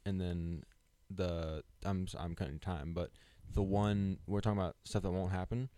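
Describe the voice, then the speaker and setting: A young man in easy, eager chat as a podcast co-host, often jumping in to agree. His voice is low and very dark and warm. It is recorded close and dry. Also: steady tone, no echo. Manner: eager, quick agreeing fan talk. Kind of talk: casual wrestling chat.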